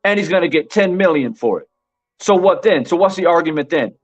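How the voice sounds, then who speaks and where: A man's voice: on the high side, lively intonation, a little fast. A man hosting a live-stream boxing commentary show, talking emphatically to his chat, repeating his points and saying "bro" a lot. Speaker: boxing commentary channel host. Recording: dull lo-fi with faint music.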